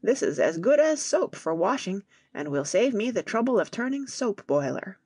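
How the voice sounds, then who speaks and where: A woman voicing a calm, wise father explaining things to his sons in an audiobook. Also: mid-range voice, moderate pace, husky, dry recording, clean studio sound.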